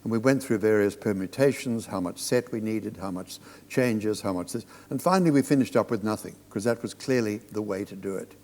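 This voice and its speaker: A man's voice: fairly low pitch, brisk, few pauses, a little mellow, in a large hall. An older man, a stage director, telling reflective anecdotes as a guest in a live conversation on a theatre stage. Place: theatre platform before an audience.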